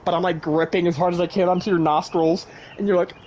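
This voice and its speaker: Give me an animated young man telling a story, a bit high, with dull lo-fi sound and faint hiss. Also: fast. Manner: animated storyteller, acts out voices, swears casually. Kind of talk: casual chat, retelling a dream.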